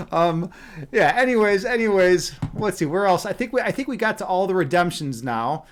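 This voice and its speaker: Male streamer, high-pitched, easygoing rambling chat at home. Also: animated, moderate pace, a little hiss or hum. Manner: chatty, rambling with restarts, playful. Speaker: livestream meditation host. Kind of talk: casual live-stream chat. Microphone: webcam.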